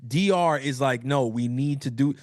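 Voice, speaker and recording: A man's voice: mid-range voice, moderate pace, a little mellow, dry recording. A man co-hosts a casual sports talk show. He is chatty and keeps saying "like", with a Spanish phrase here and there. His voice sits mid-range and sounds dry and close to the mic. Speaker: co-host.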